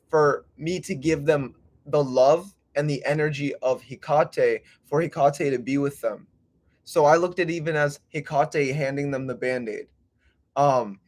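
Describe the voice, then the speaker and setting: A young man hosting a livestream, rambling casually with swearing and slang. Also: fairly high pitch. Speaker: livestream host.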